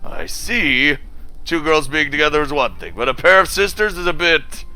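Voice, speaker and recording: A blunt schoolgirl who sounds incredulous and judgmental, as a man puts her on. Her voice is pitched up and bright, and it rises sharply in disbelief. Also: lively intonation, normal speed.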